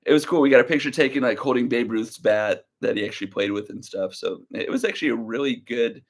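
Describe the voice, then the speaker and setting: A relaxed young man chats his way through a livestream, his mid-range voice easy and unhurried. He drifts from story to story and answers viewer comments in a slow, laid-back way, with a light drawl. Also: mid-range voice. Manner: relaxed, rambling, reads viewer comments aloud. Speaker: livestream reseller host. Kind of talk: casual livestream chat.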